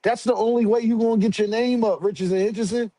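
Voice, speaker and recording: A man's voice: high voice, fast talker, no echo. A man on a casual livestream, talking boxing in heavy slang and answering his chat directly. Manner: slangy, animated, talks back to chat. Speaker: boxing commentary streamer.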